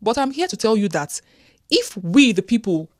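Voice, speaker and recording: A woman's voice: on the high side, big pitch swings, moderate pace, no echo. Insistent woman commentator, dry sound. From Nigeria. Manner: earnest, insistent, rhetorical questions. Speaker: commentator host. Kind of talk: opinion commentary.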